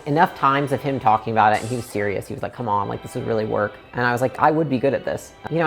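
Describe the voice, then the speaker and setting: A woman in her twenties telling her own story in a casual, conversational way, full of "like" fillers and acted-out quotes. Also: rumbling low. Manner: conversational, frequent "like" fillers, acts out quoted lines.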